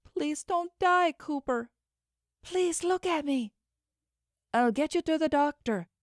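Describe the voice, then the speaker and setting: A woman's voice: slow pace, dry recording, studio quality. A woman voicing a distraught young female investigator who pleads through tears, audiobook style. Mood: pleading. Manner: pleading, tearful, high-pitched.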